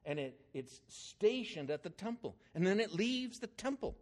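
A man's voice: high voice, moderate pace, hardly any pauses. Older man preaching emphatically. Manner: animated, emphatic storytelling with swings in loudness. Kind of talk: sermon.

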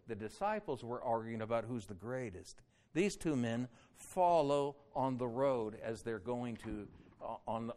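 Guy preaching a bible sermon, mid pitch, gets loud then drops quiet. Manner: rises loud on quoted cries, drops low and slow on solemn points. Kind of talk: expository sermon.

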